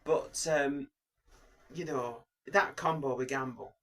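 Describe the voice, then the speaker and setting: A man's voice: mid-range voice, slow, fairly bright tone. A man co-hosting a casual podcast, joking, interrupting and dropping into impressions. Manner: jokey, interrupting, breaks into impersonations. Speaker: podcast co-host.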